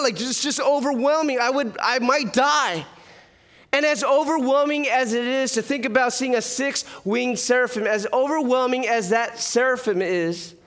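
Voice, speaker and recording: A man preaching a sermon as pastor, telling stories with humor and asking the listeners questions. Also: very high-pitched. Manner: lively storytelling with humor and rhetorical questions.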